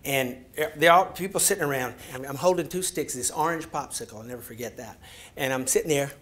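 A man's voice: mid-range voice, fast talker. A man, telling a story in a lecture, acting it out animatedly and dropping to whispers. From Georgia, USA. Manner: animated, acts out scenes, drops to a whisper. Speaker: storyteller giving a talk.

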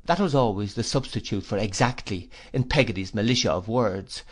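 This is a man narrating an audiobook of a classic novel with measured expressiveness. His voice is on the low side.

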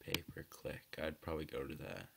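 A man reviewing a website aloud, reading its questions and thinking out loud in a casual, hesitant way with many ums and likes. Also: extremely low pitch, expressive, fairly quick, creaky, noisy background. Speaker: website tester.

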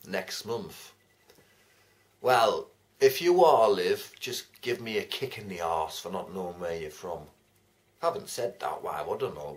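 A man chatting casually to camera as a vlogger, laughing often and swearing freely. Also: lowish voice. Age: adult, writing a second novel. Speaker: vlogger giving shout-outs.

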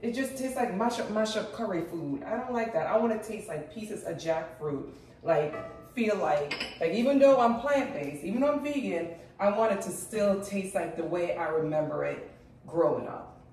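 A woman with a Jamaican accent hosting a casual home cooking vlog, chatty and excitable as she talks to her viewers. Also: mid-range voice, moderate pace, a little hiss or hum. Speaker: cooking channel host. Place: home kitchen. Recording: very echoey room, mic far off.

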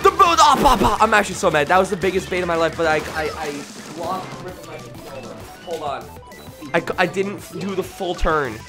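A man doing live gameplay commentary on a stream, excitable and jokey, jumping from loud yelps to low mumbles. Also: fairly quick, music in the background. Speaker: gaming streamer.

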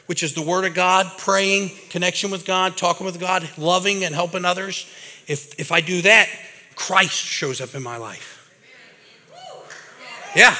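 A man preaching a lively, casual sermon to a live audience, talking like a regular guy and calling people bro and man. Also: a little high, moderate pace, slight background noise. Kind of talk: energetic recovery-ministry sermon. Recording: reverberant hall.

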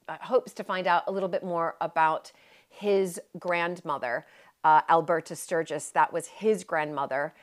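An American woman talking to viewers on a casual live stream from a historic country house, chatty and warm with fillers and self-corrections. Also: lowish voice. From United States. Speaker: live-streaming heritage vlogger. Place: historic manor house in rural southwest England.

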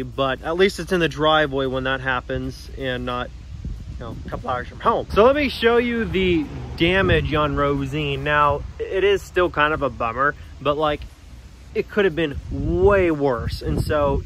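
A man casually talking about his pickup truck, animated and slangy, addressing his viewers directly. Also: mid-range voice, normal speed, slight background noise. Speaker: truck vlogger. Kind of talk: casual vlog talk.

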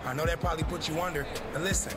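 A man's voice: fairly high pitch, steady tone, racing. A man in a YouTube clip, boasting and trash-talking in a cocky rant. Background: loud music.

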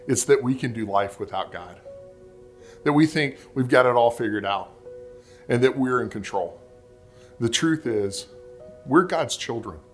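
A man in his forties preaching a sermon, telling family stories and ending in prayer, acting out quotes in a higher voice. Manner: storytelling, acts out quotes in a higher voice. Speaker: pastor.

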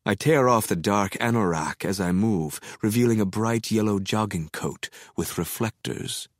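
A man narrating an audiobook in the first person, measured, deliberate and quietly menacing. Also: fairly low pitch, dry recording, studio quality.

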